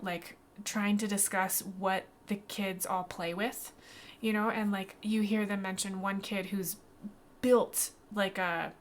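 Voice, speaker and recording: A woman running a tabletop game as game master, narrating scenes in a lively, animated way. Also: medium pitch. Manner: lively, animated, voices many characters.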